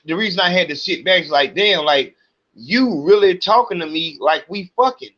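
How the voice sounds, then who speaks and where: A man hosting his podcast, ranting with heated, profane agitation. His voice sits a bit high and carries a forceful, tense edge. The recording sounds dull and lo-fi. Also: animated, normal speed. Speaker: podcast host. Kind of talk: ranting monologue.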